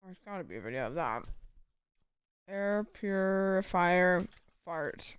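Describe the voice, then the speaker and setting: A woman's voice: lowish voice, animated, slow pace, clear, resonant tone, dry recording, clean studio sound. A woman streamer chatting casually, telling rambling stories full of fillers and giggles. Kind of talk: casual chat.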